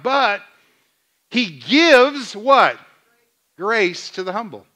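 A man preaching a sermon as pastor, asking the congregation questions and retelling scenes in lively dialogue. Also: extremely high pitch, takes it slowly, pauses often. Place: church sanctuary.

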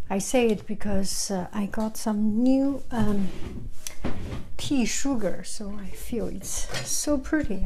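A woman vlogger chatting casually over a cup of tea, halting and restarting, often drifting into soft whispers. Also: medium pitch, noisy background. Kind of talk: casual tea-time show-and-tell.

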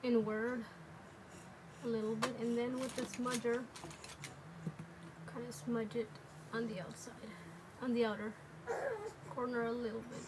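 High-voiced woman giving a makeup tutorial. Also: measured pace, long pauses. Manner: relaxed, rambling, with many fillers. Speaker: makeup vlogger. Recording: noticeable background noise.

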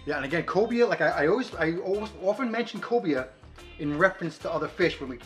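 A man's voice: a little high, animated, fast, soft background music. A man hosting a casual cooking segment at home, chatting in a rambling way with frequent restarts. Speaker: co-host cooking on camera. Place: home kitchen and grill.

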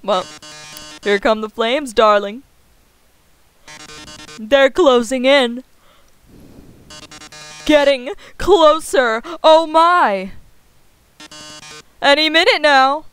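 A flamboyant robot star of a game, all melodrama and gloating cackles, as a woman puts it on. The voice sits high and over the top. Faint game music runs underneath. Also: extremely slow, long pauses, fairly bright tone, exaggerated voice, poor audio. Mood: hammy gloating.

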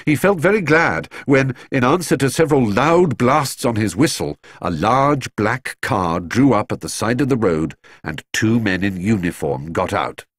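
A man narrating a children's storybook in an expressive, measured way. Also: medium pitch, no echo, clean studio sound. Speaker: audiobook narrator.

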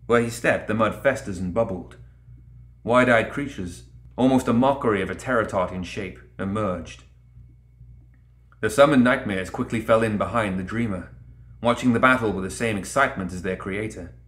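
Deep-voiced man narrating a fantasy tale. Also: a bit bright. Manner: measured, dramatic storytelling. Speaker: audiobook reader. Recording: roomy echo.

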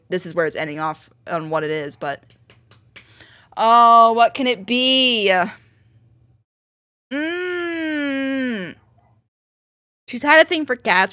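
A woman's voice: mid-range voice, bright, forceful tone. A young woman hosting a reaction video, chatting casually and breaking into shrieks and laughs.

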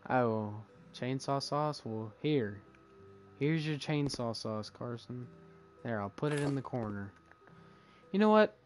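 A man's voice: medium pitch, animated, takes it slowly, faint music behind. A young man hosting a casual let's-play, joking and bantering in slangy talk while he plays. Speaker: gameplay host.

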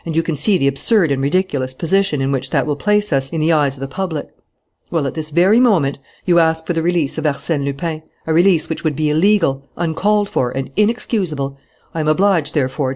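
A narrator giving a steady, measured reading of a classic novel, growing louder and higher in heated dialogue. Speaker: audiobook narrator. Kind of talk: scripted narration.

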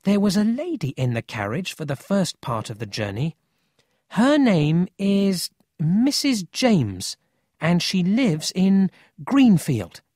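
A high, pleading boy's voice rises and falls in wide swings, earnest and insistent. A man puts it on with a husky, close, dry sound and an unhurried delivery. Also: wildly swooping pitch, darkish tone, no echo, heavily acted. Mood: upset, insistent. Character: boy, upset and insistent.

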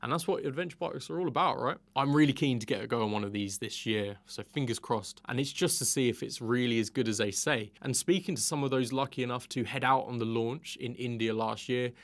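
Man, motorcycle reviewer, upbeat, scripted video review, mid-range voice. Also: medium pitch. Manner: upbeat, reels off specs briskly.

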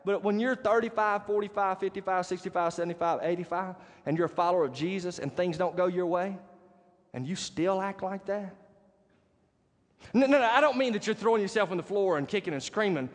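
This pastor's voice is high and brisk, broken by frequent pauses, as he preaches a sermon built around a personal story and keeps checking in with his congregation. He speaks in a church sanctuary, captured with long hall reverb.

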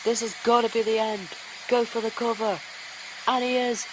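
Excitable woman calling wrestling play-by-play. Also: on the high side, normal speed, long pauses, background noise. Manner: excitable, bursting into exclamations. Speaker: commentator. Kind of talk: play-by-play wrestling commentary over a video game.

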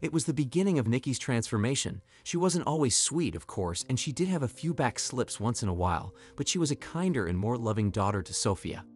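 Expressive male story narrator. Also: mid-range voice, brisk, few pauses, slightly rough.

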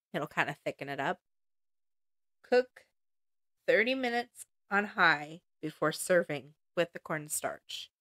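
A woman's voice: medium pitch, pushed and bright, dry recording, studio quality. A woman hosting a home cooking podcast, reading recipe ingredients item by item with chatty asides. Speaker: podcast host.

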